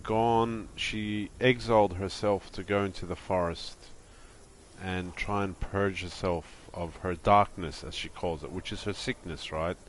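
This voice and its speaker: A man's voice: deep voice, steady tone, unhurried, slight background noise. A man streaming a game, chatting casually and rambling in a friendly way, greeting viewers as friends. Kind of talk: casual live-stream chat.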